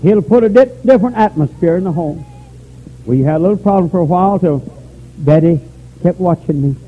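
An older man preaching a revival sermon, swinging from fervent shouts down to low, quiet pleading. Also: animated, brisk, husky. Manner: fervent, rising to shouts then dropping low. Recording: tinny phone-like old recording with faint noise.

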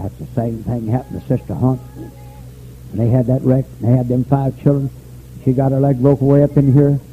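An older man preaching a revival sermon, swinging from fervent shouts down to low, quiet pleading. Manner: fervent, rising to shouts then dropping low. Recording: tinny phone-like old recording with faint noise.

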